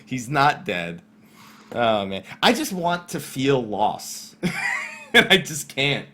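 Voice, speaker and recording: A man with a mid-pitched but very lively voice banters on a podcast, swearing freely and jumping into mock quotes of characters. His delivery swings up and down constantly. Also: slow, a little hiss or hum. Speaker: podcast host. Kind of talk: casual podcast discussion.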